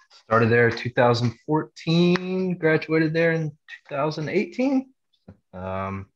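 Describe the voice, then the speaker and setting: A man in his twenties from North Carolina answers questions in a relaxed, easygoing manner, chuckling between phrases. His voice sits low. The recording is dull and lo-fi. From North Carolina, USA. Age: 20s. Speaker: rugby player guest. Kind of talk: casual interview answers. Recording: dull, lo-fi audio.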